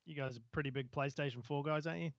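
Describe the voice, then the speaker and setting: A man's voice: fairly high pitch, fairly even intonation, rapid-fire, creaky, no echo, dull audio. A man co-hosting a casual tech news podcast, rambling with many fillers and restarts. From Southern Hemisphere. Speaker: podcast co-host.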